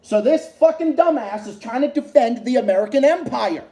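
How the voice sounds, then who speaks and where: Male streamer, high voice with a dark, mellow tone, swears and repeats himself as he rants in an echoey room. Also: lively intonation, moderate pace. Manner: profane, repetitive, heated ranting. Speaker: livestream host. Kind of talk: heated political rant on a livestream.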